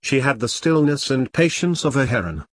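A man narrating a first-person story as an audiobook reader, telling it in an expressive, storytelling way. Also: medium pitch, normal speed, no room sound.

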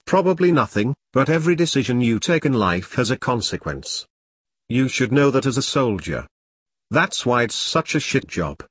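Man voicing army captain, stern, commanding, husky tone, dry sound. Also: mid-range voice, big pitch swings, normal speed, a bit bright, no echo. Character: gruff male army captain, stern but caring.

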